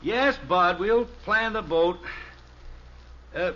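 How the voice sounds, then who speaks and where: An actor playing a cheerful, patient father in 1950s radio acting, good-humored and coaxing, on a dull old radio recording with loud hiss. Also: sits high, takes it slowly. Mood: easygoing. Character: cheerful patient suburban father, grown man.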